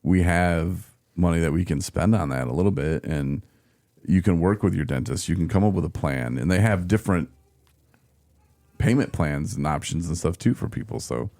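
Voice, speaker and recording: A podcast co-host chats candidly and laughs while telling stories, with slight trouble on his S sounds. His low, dark voice is expressive and moves at a normal speed, recorded with no echo.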